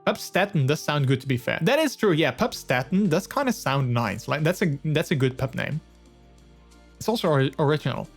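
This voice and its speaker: A young man streaming live and chatting with his viewers. His voice sits slightly high, and his talk rambles playfully with frequent laughter and fillers. Faint music plays in the background. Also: animated, a little fast. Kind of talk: casual chat with stream viewers.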